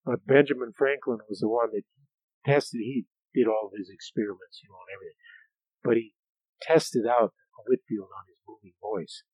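A male pastor preaching a Sunday night sermon, loud for scripture readings and quieter in asides. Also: on the low side, husky, no echo, muffled recording.

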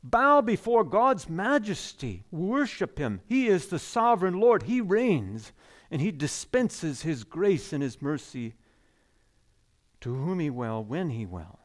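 Preaching slowly in a sing-song manner, a man emphasizes and repeats key phrases, his voice dropping low and quiet as each line ends.

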